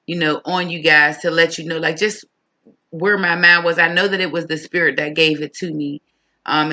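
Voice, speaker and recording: A podcast host talking casually and reflectively about faith, thinking aloud with pauses and fillers. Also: medium pitch, bright, forceful tone.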